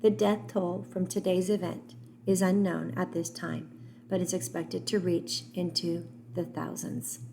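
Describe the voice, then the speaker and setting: A woman reading an audiobook delivers a formal television news report in a measured way. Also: fairly low pitch, level tone, creaky, dark tone, a little hiss or hum. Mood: somber.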